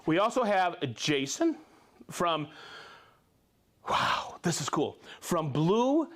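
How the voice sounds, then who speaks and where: Upbeat male livestream host, high voice, reads viewer shout-outs quickly. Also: big pitch swings. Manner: upbeat, rattles off names and places, stumbles on pronunciations.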